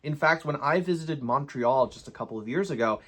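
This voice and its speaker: A man's voice: a little high, brisk, a bit bright. A young man hosting a model train channel, chatty and upbeat, with a casual hobby vlog delivery. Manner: chatty and upbeat, jokes about his own accent.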